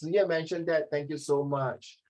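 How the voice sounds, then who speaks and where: A man teaching an online English class over a video call, talking fast and jokingly, often ending his sentences with "ah" and "okay". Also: a little high, fairly even intonation, a little mellow, rough recording.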